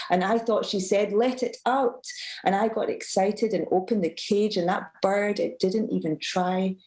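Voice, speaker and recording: A woman, a student poet, reading her poem aloud at a live event with a measured, emotive delivery. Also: mid-range voice, a little mellow, low-quality recording. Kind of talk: poetry reading.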